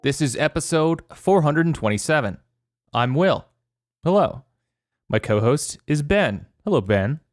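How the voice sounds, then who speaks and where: A man's voice: on the high side, animated, unhurried, no echo. A man hosting a podcast in casual chat, with a dry delivery that comes across as sarcastic. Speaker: podcast host.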